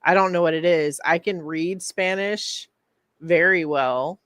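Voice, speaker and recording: A woman co-hosts a podcast in relaxed chat, teasing and quick to laugh. Her voice sits a little low. The recording is close and dry. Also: no echo. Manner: chatty and teasing, laughs easily. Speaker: podcast co-host. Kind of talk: casual chat.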